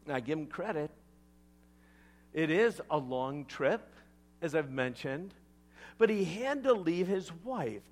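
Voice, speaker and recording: A male pastor in the middle of a sermon, his pitch swinging up and down with a lot of expression. He takes his time, slowing down on key words and turning often to ask his listeners questions. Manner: animated storytelling with conversational asides to the congregation.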